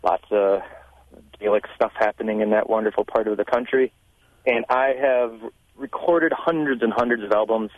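A man's voice: on the low side, moderate pace, no echo. A man from West Virginia, a musician, calling in to a radio show in a friendly, enthusiastic way. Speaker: caller, musician. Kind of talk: call-in comment. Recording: tinny telephone line.

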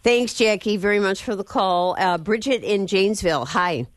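A woman hosting a radio call-in show who takes calls and asks brisk, short questions. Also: mid-range voice. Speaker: radio host.

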